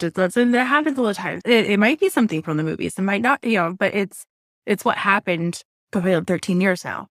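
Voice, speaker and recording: As a guest on a podcast interview, a woman in her thirties from Southwest Florida tells the personal story of a deep loss. She speaks candidly, her emotion building through halting restarts and blunt phrasing, and the recording is dry and close with no room echo.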